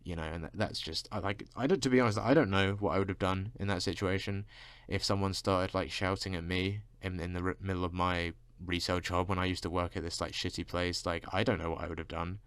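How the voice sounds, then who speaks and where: A man's voice: sits low, fairly even intonation, fairly quick, fairly bright tone, clean tone, no room sound. A man vlogging a casual rant, constantly saying "like" and swearing freely. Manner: fills speech with "like", swears freely.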